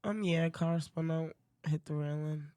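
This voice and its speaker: A woman telling a story in casual chat, halting and hesitant, with lots of "like". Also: low voice, mellow, clear, resonant tone. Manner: hesitant, halting, filler-heavy.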